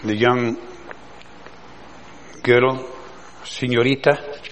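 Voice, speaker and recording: A man preaching a sermon in an earnest way, building to loud, passionate emphasis and then dropping soft. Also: mid-range voice, fairly even intonation, drawn-out words, slight background noise, low-quality recording.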